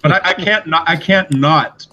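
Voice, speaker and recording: A man in a tabletop game speaking in character with formal, measured phrasing. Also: fairly high pitch, sharp tone, slight background noise, rough recording. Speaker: player. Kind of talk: tabletop role-play.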